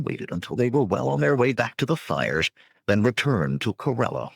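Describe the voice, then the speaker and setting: A man's voice: deep voice, sing-song, moderate pace, gravelly, breathy edge, dry recording. A man reading an adventure novel aloud as an audiobook narrator. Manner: swells to loud rallying shouts for dialogue. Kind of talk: dramatic audiobook narration with character voices. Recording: dry restored studio recording.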